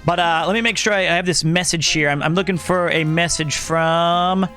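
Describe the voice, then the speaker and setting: A man hosting a casual live stream, reading chat aloud in a loud, projecting, animated way. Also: fairly high pitch, moderate pace, soft background music.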